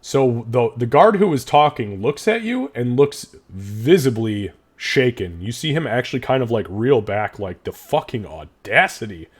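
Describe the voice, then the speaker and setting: A man's voice: medium pitch, sing-song, measured pace, few pauses, slightly rough. A young man narrating as game master, describing scenes casually with plenty of swearing.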